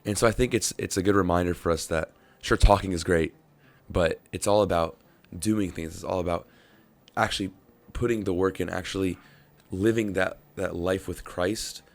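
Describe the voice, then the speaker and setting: Brief: low, creaky-voiced male podcast host, thoughtful and earnest. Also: fairly even intonation, moderate pace. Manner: earnest, reflective. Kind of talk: casual podcast chat.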